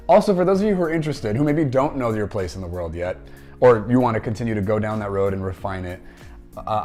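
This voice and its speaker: A man's voice: mid-range voice, darkish tone. A man hosting a casual movie commentary, chatting enthusiastically and retelling scenes in his own words. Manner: enthusiastic, conversational, retells scenes with quoted dialogue.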